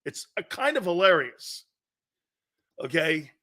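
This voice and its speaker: A man hosting a sports talk show, rambling loudly, laughing at his own jokes and calling out to an off-mic producer. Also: a little high, big pitch swings, takes it slowly.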